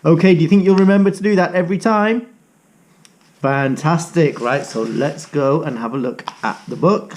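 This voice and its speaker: A middle-aged teacher reading a picture book aloud to young children, coaxing them to join in. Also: male voice, a little high, normal speed, darkish tone.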